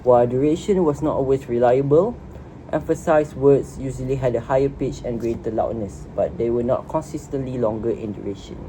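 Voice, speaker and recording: Student reading a class presentation. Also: female voice, a bass voice, fairly quick, background noise. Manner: reads prepared notes, repeats words at times.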